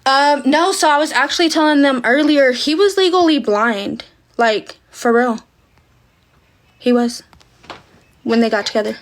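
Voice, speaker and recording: A young woman with a drawl hosts a casual livestream, fielding viewer questions. Her voice sits slightly high, and she talks emphatically, often turning to her audience with a quick y'all.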